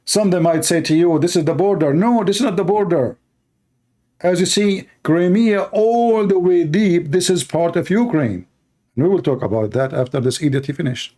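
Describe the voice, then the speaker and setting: A man's voice: high voice, normal speed, dark tone. A man giving heated reaction commentary on a news clip, hurling insults and arguing in broken, non-standard English. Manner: angry, insulting, argumentative.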